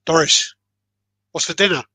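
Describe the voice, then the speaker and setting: A man voicing an old man who calls out loudly to his deaf wife during a joke. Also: normal speed, no echo, clean studio sound. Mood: calling out. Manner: loud, calling out across a room.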